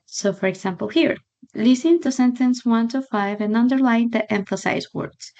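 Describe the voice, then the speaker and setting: A woman's voice: a little high, normal speed, a little mellow, highs cut off. A young woman whose first language is Spanish, chatting and laughing as she tutors English online. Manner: chatty, laughs often, fillers like "like" and "so". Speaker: English teacher.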